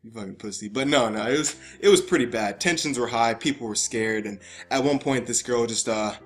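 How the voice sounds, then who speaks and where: A man's voice: medium pitch, a little fast, faint music behind. Stammering, swearing young man telling a story. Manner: stammering, profane, laughing asides. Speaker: vlogger. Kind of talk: casual storytime.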